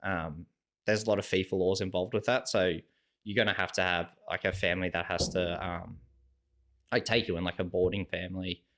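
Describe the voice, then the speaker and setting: A young Australian podcast guest with a low-sitting voice talks a little fast. He casually tells stories, animatedly performing what people said, relaxed throughout and saying "like" in almost every sentence.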